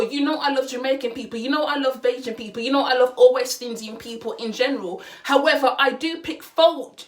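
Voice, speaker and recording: Woman, young adult, high voice, vlogger, passionate rant, repeats herself for emphasis, slang-laced talk. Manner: impassioned, repeats phrases for emphasis; mixes in Caribbean and slang words. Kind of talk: opinion vlog rant.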